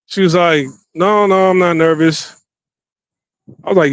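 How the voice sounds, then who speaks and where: A man telling a dating story in a casual, slangy, animated way, filming himself on a handheld phone while walking around a city. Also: fairly high pitch, unhurried, pauses often, clear, resonant tone, no room sound. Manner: animated, slangy, acts out quotes. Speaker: vlogger. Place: outdoors in a city. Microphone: handheld phone camera.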